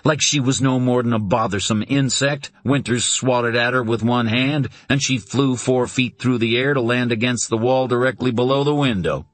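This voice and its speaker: A man narrating a suspense novel in a deliberate, dramatic reading. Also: mid-range voice, fairly even intonation, no room sound. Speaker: audiobook narrator.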